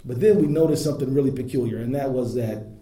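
A man's voice: mid-range voice, fast talker, mellow. A man giving an earnest, emphatic public speech at an interfaith event. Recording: echoey room with faint noise.

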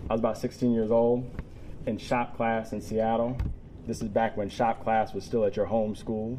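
A man's voice: on the low side, level tone, normal speed, dark tone, a little hiss or hum. A man in his forties giving a personal talk to a live audience. He is emotional, tears up, and laughs between lines. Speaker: public speaker. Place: room with an audience.

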